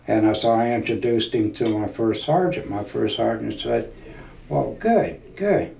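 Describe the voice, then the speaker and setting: A veteran in his seventies from Nebraska tells stories slowly and folksily for an oral history interview. His voice is fairly low, level, creaky and a little mellow. The recording sounds roomy, with a distant mic and faint hiss.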